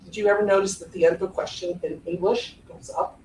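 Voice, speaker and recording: A fast-talking woman in her forties from the Cleveland area, with a lowish voice, presents a lively workshop on podcast voice technique, playfully acting out tones of voice. The live conference room recording is roomy and distant, with a little hiss or hum, and an audience present.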